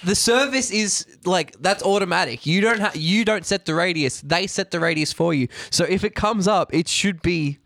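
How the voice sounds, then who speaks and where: A man in casual podcast banter, with a slightly high voice. He teases his co-host and reads out posts with a dry, joking edge. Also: moderate pace, hardly any pauses, fairly bright tone. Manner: teasing, reads listener posts aloud. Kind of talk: casual chat.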